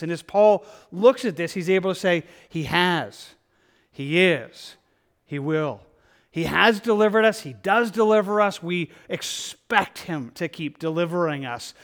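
A man's voice: sits high, a bit bright. A man preaching a conversational verse-by-verse sermon, full of fillers and repeated words. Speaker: pastor.

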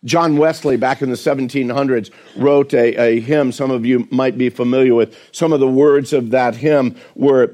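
A man's voice: medium pitch, steady tone. Earnest preaching man, asking the congregation. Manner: earnest preaching with rhetorical questions; recites hymn lyrics in a slower, softer voice. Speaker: pastor. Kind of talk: sermon.

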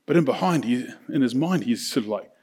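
A man preaching a sermon, telling a story casually and slipping into quick voices for the characters. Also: mid-range voice, animated, a little mellow, slightly rough. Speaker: pastor.

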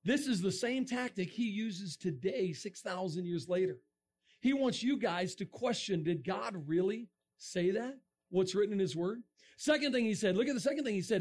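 Energetic male youth speaker, high voice, dramatic delivery with shouts. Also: normal speed. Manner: energetic, dramatic, bursts into shouts and sound effects. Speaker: speaker addressing young people. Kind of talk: animated sermon talk.

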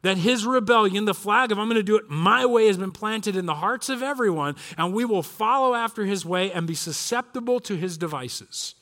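A man in his forties preaching a sermon, telling a story with animated quoted voices. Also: high voice, fairly quick, few pauses. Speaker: pastor. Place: church.

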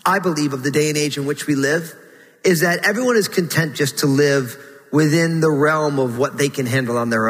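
A pastor gives an earnest sermon in a high, ringing voice. His tone rises into pleading whenever he voices a prayer. The sound carries a long reverb, as if recorded in a large hall. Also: a bit bright. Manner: earnest preaching, rising to a pleading pitch when voicing prayers.

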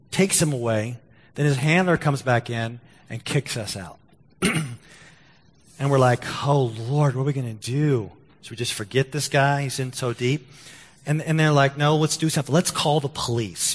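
A man preaching as a pastor, with a voice of middle pitch. He tells his story with stumbling restarts and puts on lively voices for the people he quotes. The sound rings with the long reverb of a church hall. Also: normal speed. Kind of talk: sermon with story and prayer. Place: church sanctuary.

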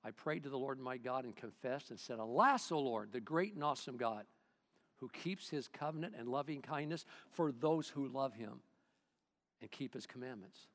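A male pastor preaching a sermon in church, swinging between loud bursts and hushed asides, calling on the congregation to respond. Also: medium pitch, lively intonation, moderate pace, in a large hall.

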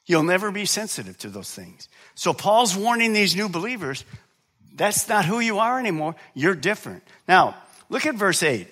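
This middle-aged pastor's sermon swings widely in pitch, moving from quiet, deep asides to loud, lofty preaching at a normal pace. Questions go out to the congregation, and he supplies the answers himself.

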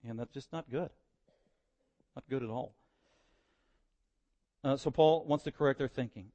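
A man's voice: medium pitch, measured pace, long pauses, warm tone, big-room sound. A male pastor preaching a sermon in a conversational style that rises to emphatic exhortation.

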